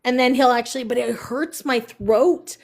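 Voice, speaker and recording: A woman hosting a casual live stream, chatting with viewers and cooing at her dogs in a high baby voice. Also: normal speed. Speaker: livestream host.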